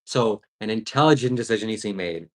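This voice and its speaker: A man's voice: on the low side, animated, quick pace. A man co-hosting a casual livestream who answers in a defensive, exasperated way. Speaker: co-host.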